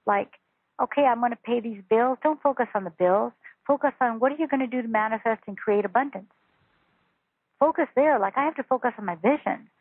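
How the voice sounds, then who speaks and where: A woman's voice: on the high side, a little fast, husky, dry recording. A woman spiritual teacher on a phone interview, talking in an earnest, repetitive, emphatic way. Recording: tinny phone line.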